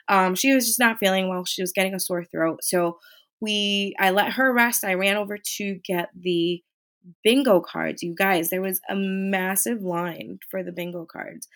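Woman vlogger, casual storyteller, animated, mid pitch. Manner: chatty, animated retelling with quoted voices.

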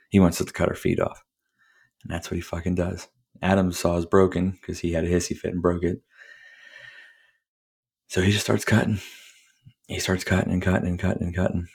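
Guy with a deep mellow voice, rambly swears a lot, laid back podcast recap. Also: breathy edge. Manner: rambling, profane, laughs often. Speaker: podcast host. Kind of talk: casual film recap.

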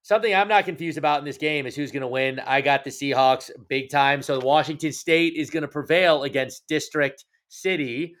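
A man's voice: a little high, moderate pace, hardly any pauses, a bit bright. A man in his thirties co-hosting a podcast, bantering and teasing his co-hosts in a playful, jokey way. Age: 30s. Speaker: podcast co-host.

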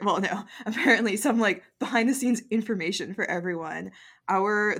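A bilingual woman co-hosting a casual podcast, talking in an earnest, animated way. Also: mid-range voice. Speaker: podcast co-host.

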